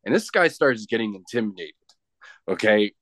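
A man's voice: fairly low pitch, sing-song, moderate pace, fairly bright tone, slight background noise. A man from Canada, a wrestler being interviewed, telling a story in a rambling, casual way with many restarts. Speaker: professional wrestler, guest.

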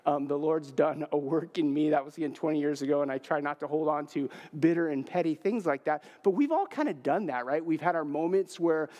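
A man's voice: fairly high pitch, brisk, hardly any pauses, dark tone. A man in his forties preaching a sermon, telling a personal story casually, with frequent filler words. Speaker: pastor. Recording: long hall reverb.

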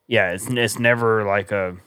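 A man's voice: lowish voice, steady tone, moderate pace, sharp tone, dry recording, clean studio sound. A man from the Southern US with a Southern accent, co-hosting a podcast, talking bluntly and jokingly with casual swearing. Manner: blunt, jokey, swears freely. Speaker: podcast co-host. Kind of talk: casual chat.

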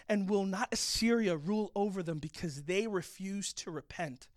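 A man's voice: sits high, animated, normal speed, few pauses, dry recording, clean studio sound. A man reading scripture aloud and explaining it in an earnest, reflective way, as a pastor giving a Bible talk.

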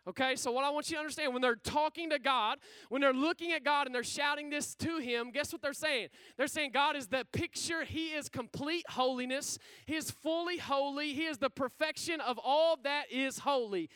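A man's voice: very high voice, clean tone, no room sound. A man preaching a sermon with energy and casual slang, calling out questions for the congregation to answer. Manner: energetic, call-and-response with the congregation.

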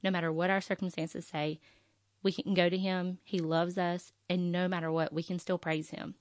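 A woman's voice: fairly low pitch, flat delivery, normal speed, no room sound, clean studio sound. A woman hosting a faith podcast, speaking earnestly from the heart with frequent fillers and restarts, and reading scripture aloud. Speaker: podcast host.

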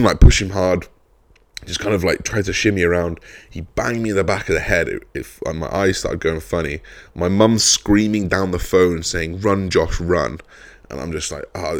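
A young man, a fitness coach, talking casually and bluntly, swearing freely as he retells a story with animated energy. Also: low voice.

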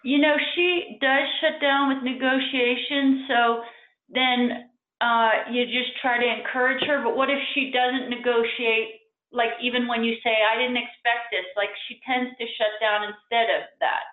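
A woman's voice: a little high, fairly even intonation, measured pace. A woman, a parent on a call, asking a question hesitantly and searching for words. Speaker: parent calling in. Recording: tinny, echoey phone line.

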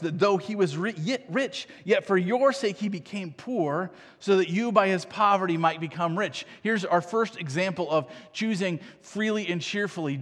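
A man's voice: high-pitched, long reverb tail. A man preaching a sermon as pastor, conversational and earnest, often checking in with "right?" and restarting his phrases.

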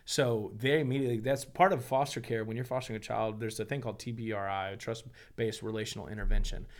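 A man's voice: fairly low pitch, quick pace. A pastor and foster father in casual podcast conversation, telling stories animatedly and acting out what people said. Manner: animated storyteller, acts out quoted dialogue.

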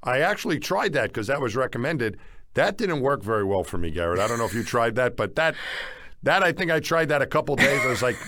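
A man's voice: medium pitch, very animated, fast talker, fairly bright tone, no room sound. A man from the United States chats casually as a podcast co-host. He rambles, restarting sentences and filling gaps with fillers. The recording is dry and close, with no room sound. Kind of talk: casual chat.

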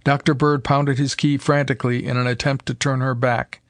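In a steady, measured reading voice, a male audiobook narrator delivers scripted narration of an old adventure story. His voice is mid-range, captured as clean studio sound with no room ambience.

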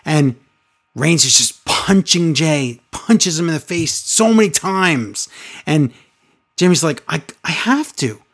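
A man in casual chat, retelling events with lively, acted-out quotes. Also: a little high, husky. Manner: animated storytelling, quick acted-out quotes. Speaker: podcast co-host recapping wrestling.

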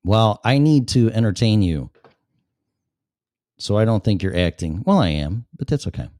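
A man hosts his own talk show and answers the chat room in a blunt, sarcastic way, swearing freely. His voice sits very low and mellow. The sound is close and dry. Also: lively intonation, moderate pace, dry recording. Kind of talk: casual solo show, reading chat aloud.

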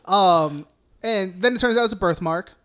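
A man's voice: high voice, normal speed, a bit bright, clean tone. Rambling, swearing podcast guy. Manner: rambling scene recaps, heavy swearing, many "like"s. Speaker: podcast co-host. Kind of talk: casual film podcast chat.

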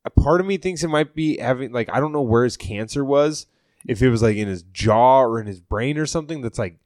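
A man's voice: mid-range voice, animated, brisk, a little mellow, dry recording, clean studio sound. A man hosting a comedy podcast, reacting to clips with profane, mocking commentary and impressions. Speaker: podcast host.

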